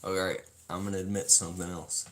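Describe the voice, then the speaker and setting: A man's voice: sits low, flat delivery, fast talker, a little hiss or hum, rough recording. A man reading from a self-help book to his viewers, then drifting into a rambling, self-mocking story with lots of swearing. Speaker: self-help video host. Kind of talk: casual reading and storytelling to camera.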